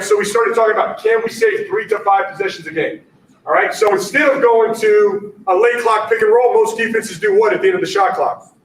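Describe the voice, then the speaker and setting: A man giving an energetic basketball coaching talk at a conference, punchy and repetitive, checking in with "all right?" all the time. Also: high-pitched, slight background noise. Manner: energetic, punchy, repeats catchphrases, keeps asking "all right?". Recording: echoey room audio from a distance.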